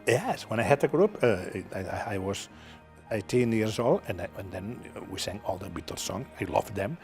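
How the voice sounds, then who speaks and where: Older Catalan man, halting non-native English. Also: on the low side, expressive, soft background music. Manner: halting, repeats words, frequent "okay?" tags, laughs often. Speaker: television producer, guest.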